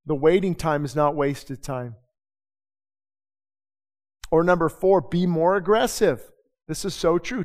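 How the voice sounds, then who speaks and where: A male pastor preaches in a loose, conversational way, tossing out rhetorical questions and quick asides. His voice sits a little high for a man. The sound carries a long reverb from a church sanctuary. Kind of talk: sermon.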